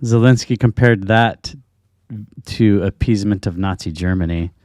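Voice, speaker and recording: A man's voice: fairly low pitch, moderate pace, darkish tone, no room sound, studio quality. A man co-hosting a casual talk show, reading news aloud with sarcastic, profane commentary and frequent laughter. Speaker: podcast co-host.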